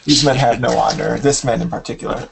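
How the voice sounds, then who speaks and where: Guy player at the table, gravelly voice, earnest, kinda in character. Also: medium pitch, fairly even intonation, fast, a crowd in the background, low-quality recording. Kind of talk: tabletop game chat.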